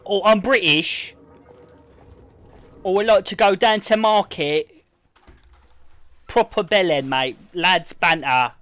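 A man's voice: high voice, slow pace, pauses often, fairly bright tone, no room sound, pitched above the performer's own voice. A man putting on a cartoonish cheeky British bloke. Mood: mocking. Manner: exaggerated, overdone parody accent.

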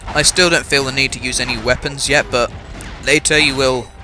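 Bright-voiced English gamer with a cough. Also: male voice, mid-range voice, steady tone, brisk. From England. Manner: chatty, self-mocking, many fillers. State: has a cough. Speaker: let's-play gamer. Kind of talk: casual game commentary. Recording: voice over game music.

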